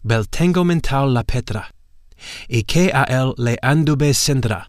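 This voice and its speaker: A man voicing a demon prince who speaks through a medium in a slow, solemn incantation. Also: mid-range voice, animated, dry recording, studio quality, natural voice. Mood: ominous.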